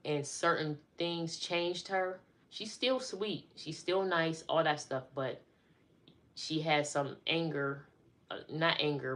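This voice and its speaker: A woman's voice: low voice, a bit bright. A middle-aged woman chatting casually on a live stream, talking to her viewers as y'all.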